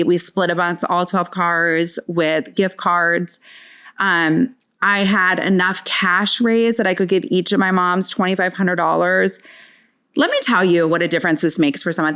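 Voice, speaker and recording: A woman's voice: medium pitch, fairly bright tone. Earnest woman hosting a solo podcast. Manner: earnest, heartfelt storytelling with frequent "like" fillers. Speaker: podcast host.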